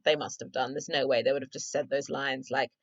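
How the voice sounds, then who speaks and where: A woman's voice: extremely low pitch, fairly even intonation, a little fast, gravelly, no room sound, lo-fi sound. A woman vlogger reacting to a film she is watching for the first time, effusive and gushing, talking with lots of casual fillers. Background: film soundtrack music.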